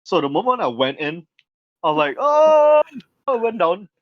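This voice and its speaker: A young man, co-hosting a podcast in casual chat. He laughs often, swears freely and tells stories with animated energy. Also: fairly high pitch, a little fast, no echo. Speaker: podcast co-host. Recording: dry, slightly dull podcast mic sound.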